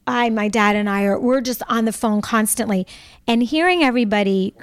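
A talkative woman guest telling stories in a casual interview, speaking in quick animated bursts. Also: on the high side, clean tone, no echo, clean studio sound. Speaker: podcast guest.

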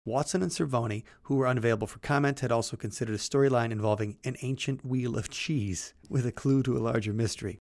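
A man co-hosting a podcast, reading old newspaper clippings aloud in a brisk, animated way and chatting loosely in between. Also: medium pitch, no echo. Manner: reads quotes in a brisk, animated way, then chats loosely. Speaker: podcast co-host.

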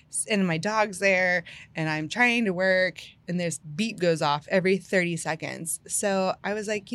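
A woman in a casual podcast conversation, recounting a personal story with lots of "like" fillers and frequent laughter. Her voice sits at a middle pitch and sounds dry and close, with no room echo. She gets lively and loud as the story builds. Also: normal speed. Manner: animated, laughs often, many "like" fillers.

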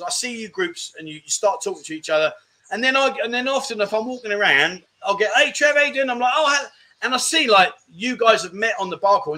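A middle-aged British man with a high-sitting, sharp-toned voice hosts a casual live-stream chat show. He reads viewer comments in a jokey, rambling way and calls people mate.

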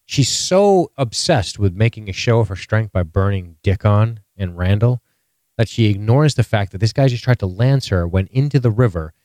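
A man's voice: fairly low pitch, expressive, normal speed, mellow, no room sound. A man co-hosting a casual podcast, reasoning things through with jokes and casual swearing. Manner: analytical, joking, swears casually. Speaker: podcast co-host.

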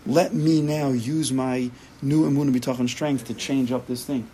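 A man teaching a Torah class as a rabbi, speaking emphatically and acting out inner voices in quick quoted asides. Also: mid-range voice, fairly even intonation, mellow, slight background noise, rough recording.

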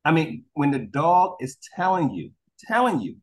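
A man telling stories in a casual interview as a guest. He swears freely and acts out dogs and people in quick voices. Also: on the high side, sing-song. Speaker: guest, crime scene investigator. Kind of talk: animated storytelling in casual interview.

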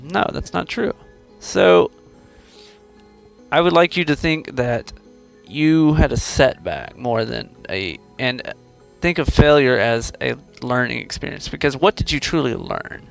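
Man with a gravelly voice, coaching playfully. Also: mid-range voice, lively intonation, unhurried, faint music behind. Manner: encouraging, playful, prodding with questions. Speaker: host coaching a student. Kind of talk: conversational coaching interview.

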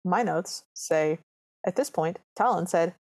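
A woman's voice: fairly low pitch, unhurried, a little mellow. A woman co-hosting a podcast, adding dry, wry asides during a casual movie recap. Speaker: podcast co-host.

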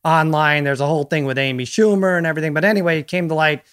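A man's voice: a little high, steady tone, rapid-fire, a bit bright, clean tone. A man hosting a casual podcast, playfully quizzing his co-hosts. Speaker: podcast host. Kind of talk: casual chat.

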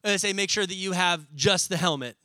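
A man's voice: high-pitched, fairly quick, bright, forceful tone, no room sound. A man preaching a sermon as pastor, casual and direct, calling the congregation to repeat lines after him. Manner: preaching with call-and-response, casual slang.

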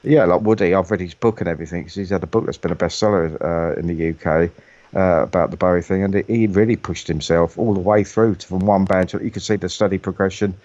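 A man's voice: low voice, fairly even intonation, fast, darkish tone, dry recording, muffled recording. A middle-aged man from the UK chatting casually on a call, rambling with many stumbling restarts. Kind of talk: casual chat.

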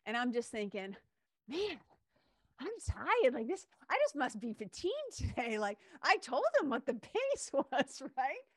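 A woman hosting a podcast, telling stories in a lively casual way and swearing now and then. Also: high voice, normal speed, few pauses, no echo, clean studio sound. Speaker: podcast host. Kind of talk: casual interview chat.

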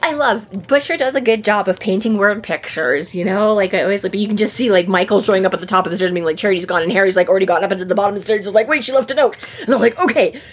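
A woman's voice: mid-range voice, racing, few pauses, husky. A woman hosting a podcast in casual book-discussion chat. She rambles with many fillers and restarts, swears freely, and acts out the characters' lines. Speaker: podcast host.

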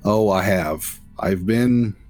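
A man's voice: lowish voice, slow pace, a little mellow, faint music behind. A man voicing a tired, loyal male vampire ritualist who speaks earnestly and defensively. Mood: dutiful.

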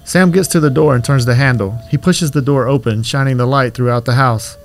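A man reading a horror story aloud as scripted narration, in a steady, even way. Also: mid-range voice, fairly quick.

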